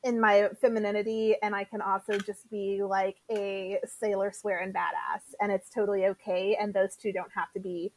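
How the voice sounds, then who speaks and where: A woman guest on a podcast, speaking earnestly and quickly in casual chat, sometimes tripping over her words. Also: mid-range voice, level tone, darkish tone, a little hiss or hum, rough recording.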